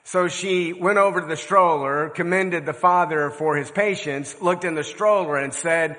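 An older man delivers a sermon with a fairly high, bright voice. He tells stories earnestly, leaning on words for emphasis. The sound rings out in a large hall with a long echo. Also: fairly even intonation. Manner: earnest storytelling preacher with measured, emphatic phrasing. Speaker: preacher.

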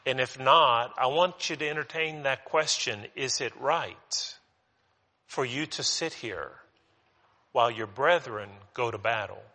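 A man's voice: medium pitch, measured pace, pushed and bright. A man preaching a sermon, telling a parable in an earnest way with restarts and repeated words. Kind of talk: sermon with a told story. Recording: long hall reverb.

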